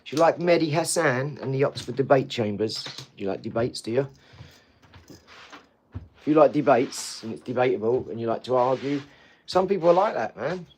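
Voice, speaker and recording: A man's voice: medium pitch, animated, normal speed, a little mellow, slight background noise. A man hosting a casual livestream, talking to viewers in a chatty, rambling way and often repeating himself. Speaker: livestream host.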